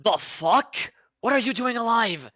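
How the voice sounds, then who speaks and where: A woman's voice: fairly high pitch, lively intonation, measured pace, a bit bright, dry recording, clean studio sound, voice pushed up. A woman voicing a grumpy, blunt character in a tabletop game. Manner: blunt, swearing. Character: grumpy character roused from sleep.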